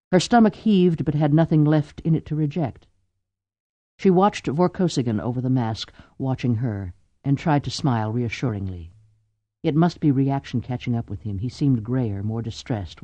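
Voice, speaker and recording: Male narrator, lively and mellow-toned, dry, slightly dull audio. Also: mid-range voice, dry recording. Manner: expressive reading. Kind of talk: scripted narration.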